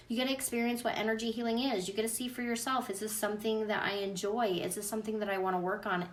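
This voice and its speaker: Heard through a distant mic, a mid-range-voiced woman who practices energy healing speaks casually and earnestly to her audience, talking straight to viewers in a live Q&A.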